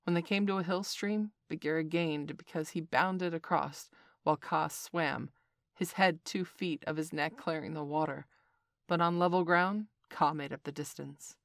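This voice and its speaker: Woman narrator, lowish voice, even storybook reading, dry close recording. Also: normal speed, no room sound.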